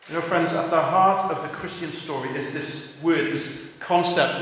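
A man preaching a sermon, telling a story and acting out the quoted voices softly. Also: on the high side, measured pace, hardly any pauses, slight background noise. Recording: echoey hall.

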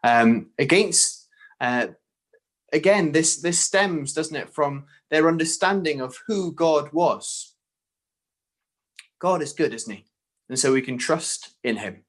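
A man's voice: fairly high pitch, lively intonation, slow pace, pauses often. Earnest male preacher asking questions. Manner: earnest, rhetorical questions to listeners. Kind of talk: sermon.

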